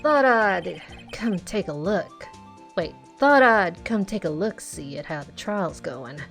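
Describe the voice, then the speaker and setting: A woman's voice: on the low side, lively intonation, vocal fry, fairly bright tone, full character voice. A woman voicing a swaggering middle-aged male cowboy officer in a put-on Texan drawl. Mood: folksy. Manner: slow folksy drawl. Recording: faint game music behind.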